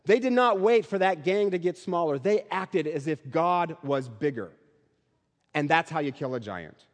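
A man's voice: fairly high pitch, lively intonation, moderate pace. A male pastor preaching a Christmas sermon with rhythmic, building repetition. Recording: long hall reverb.

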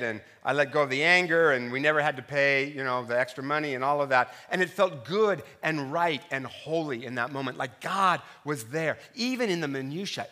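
A middle-aged man, a pastor, preaching a sermon full of personal stories, swinging from loud punchlines to soft, quiet reflection. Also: on the high side, normal speed, few pauses. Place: church sanctuary.

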